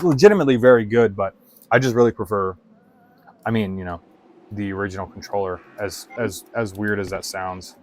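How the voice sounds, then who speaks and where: Over a poor-quality, dry recording, a fairly low-voiced man rambles casually through his let's play commentary. He curses a lot and leans constantly on "like."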